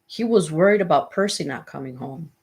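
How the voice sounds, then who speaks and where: Woman reading scared ten-year-old girl, anxious, low, husky. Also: lively intonation, fairly quick, a little mellow, heavily acted. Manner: plain, anxious questioning.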